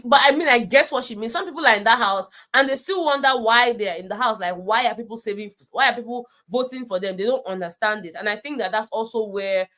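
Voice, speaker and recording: A woman with a Nigerian accent chatting through a casual recap vlog, animated, peppering her talk with "you know" and slipping into Pidgin. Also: on the high side, fast talker, few pauses. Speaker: reality show recap vlogger.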